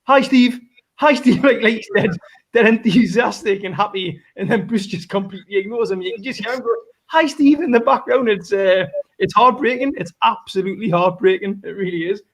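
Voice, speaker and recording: A Geordie man with a high voice chats on a podcast. He rambles, restarting and correcting his sentences as he goes. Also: brisk, a bit bright. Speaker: podcast co-host. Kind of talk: casual podcast chat.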